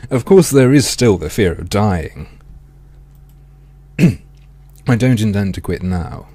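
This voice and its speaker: Husky sardonic man reading game text. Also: fairly low pitch, expressive, takes it slowly, warm tone, no echo. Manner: sardonic, swearing, mock-dramatic reading. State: throat strained, clearing it often. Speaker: gaming streamer. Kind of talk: let's play commentary reading game text aloud.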